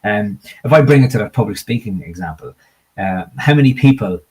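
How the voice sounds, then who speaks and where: A man speaking as a coach in a conversational interview, an animated storyteller. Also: fairly low pitch, a little fast, breathy edge. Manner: animated storyteller, tells parables with acted villager voices. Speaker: guest coach.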